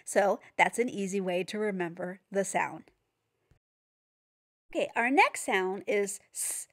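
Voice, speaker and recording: A woman's voice: medium pitch, unhurried. A woman giving a phonics lesson for teachers and parents, patiently sounding out each letter. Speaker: reading teacher.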